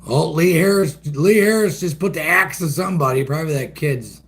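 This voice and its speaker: A man with a fairly high voice talks fairly quickly as he hosts a casual livestream from an outdoor shed with the door open. He reads chat and reacts to it, ranting in a profane, folksy way.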